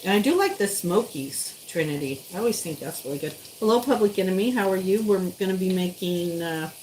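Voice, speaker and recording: A woman's voice: fairly low pitch, lively intonation, fairly quick, darkish tone, a little hiss or hum, rough recording. A woman chatting to her viewers while she cooks on a live stream, sometimes stepping away from the mic. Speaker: live-stream cooking host. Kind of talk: casual live-stream cooking chat.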